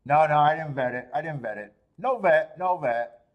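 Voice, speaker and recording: A man's voice: fairly high pitch, moderate pace, lo-fi sound. A man hosting a live horse racing stream, chatting casually about his bets, swearing and talking to himself. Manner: swears, restarts, talks to himself while watching races. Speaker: horse racing show host.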